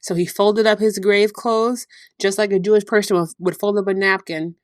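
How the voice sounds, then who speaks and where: A woman hosting a devotional podcast, retelling Bible stories in a lively storytelling way with frequent laughter. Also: mid-range voice, normal speed, dry recording, studio quality. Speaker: podcast host.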